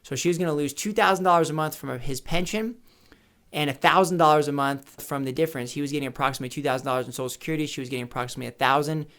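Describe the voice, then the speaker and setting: His voice runs high and a bit bright as he races through an educational talk on retirement. Emphatic and anecdotal, he keeps repeating the key questions. He's filmed in an office or home studio on a camera mic, with studio lights set up.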